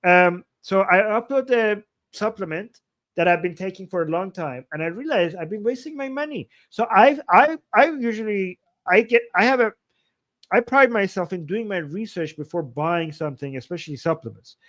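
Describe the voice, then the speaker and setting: A man hosting a livestream, explaining his method in a blunt, animated, casual way and swearing freely. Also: high-pitched, moderate pace. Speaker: livestream host.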